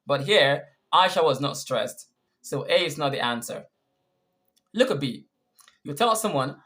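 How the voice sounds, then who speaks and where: An English teacher giving an online grammar lesson, patiently explaining examples and hitting stressed words with a sudden jump in pitch and volume. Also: big pitch swings, moderate pace, fairly bright tone. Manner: explains patiently and talks the learner through examples.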